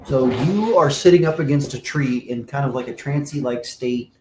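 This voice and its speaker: A man's voice: mid-range voice, moderate pace, reverberant, background noise. A man narrating a tabletop game as game master, loose and full of fillers.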